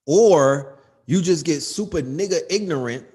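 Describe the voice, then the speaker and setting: Male livestream host, slightly high voice, emphatic and profane casual rant. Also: expressive, unhurried, darkish tone, breathy edge. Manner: emphatic, profane, repeats "you know what I mean".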